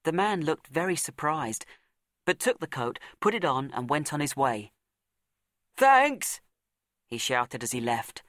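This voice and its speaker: A man reading a story aloud as narrator, measured and deliberate, with dramatic pauses and slowed words for emphasis. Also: medium pitch, fairly bright tone, dry recording, studio quality.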